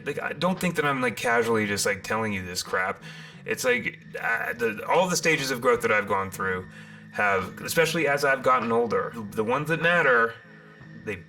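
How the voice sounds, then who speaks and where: A man hosting a live-streamed tarot reading, theatrical and rambling, with loud bursts, muttered asides and many restarts. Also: lowish voice. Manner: rambling with frequent restarts and fillers.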